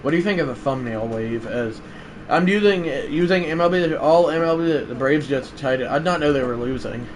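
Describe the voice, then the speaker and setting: Rambling young-sounding streamer, slightly high voice. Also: male voice, a little fast, slight background noise, low-quality recording. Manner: rambling chat to viewers, bursting into shouted play-by-play calls. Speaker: gaming live streamer. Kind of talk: live game commentary and chat.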